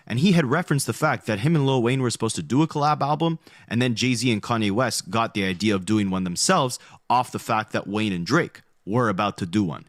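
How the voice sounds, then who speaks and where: A man with a mid-range voice reads a scripted commentary, brisk and explanatory as he counts off his reasons. The recording is close and dry. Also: mid-range voice, no room sound. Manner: brisk, explanatory, listing points. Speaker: narrator of a commentary video. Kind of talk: scripted narration.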